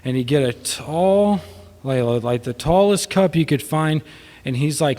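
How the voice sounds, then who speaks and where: A man's voice: on the high side, animated, moderate pace, a little mellow. A man, a son speaking at his father's memorial, rambling with many fillers and wavering between laughter and sadness. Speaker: son giving a eulogy. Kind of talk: informal memorial speech. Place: church hall. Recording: long church reverb.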